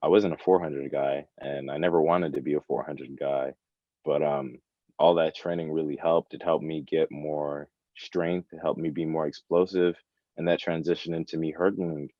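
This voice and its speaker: A man's voice: rumbling low, fairly even intonation, moderate pace, no echo, lo-fi sound. A young man in his early twenties, a college track athlete, talking casually and earnestly as a guest, often saying "you know" and "like.". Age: early 20s. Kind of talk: casual interview chat.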